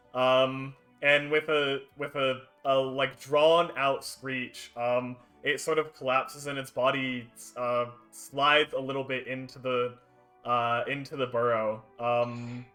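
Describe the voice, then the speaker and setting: A man narrates a tabletop game as game master and keeps stopping on fillers. His voice is bright, and faint music plays underneath. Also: mid-range voice. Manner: halting, many fillers and restarts.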